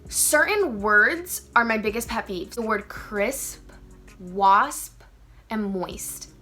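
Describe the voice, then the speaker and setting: A young woman chatting casually as a beauty vlogger while doing her makeup, animated and playfully ranting. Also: medium pitch, slow, soft background music. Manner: chatty and animated, rants playfully with emphatic emphasis.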